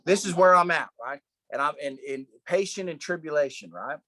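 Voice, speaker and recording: A man teaching a Bible study in a casual, animated way, often adding "right?" and "man" as he talks. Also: on the high side, fairly quick, dry recording. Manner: animated storyteller, tags lines with "right?" and "man".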